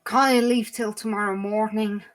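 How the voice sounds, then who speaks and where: A woman's voice: medium pitch, fairly even intonation, normal speed, soft background music, natural voice. A woman voicing a tired, nervous elderly male town official who repeats himself when flustered, in a tabletop game. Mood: pleading.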